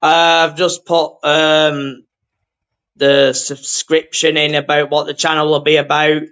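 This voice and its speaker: A man's voice: on the high side, flat delivery, a little slow, fairly bright tone, clear, resonant tone. A man guest on a live stream, chatting in an easygoing, hesitant way with lots of ums and uhs. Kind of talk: casual chat on a live stream.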